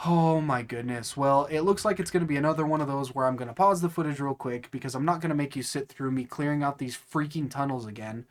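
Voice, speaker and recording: A man's voice: mid-range voice, quick pace, few pauses. A young man hosting a casual let's play, chatting and joking with viewers, with bursts of frustration. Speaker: gaming channel host.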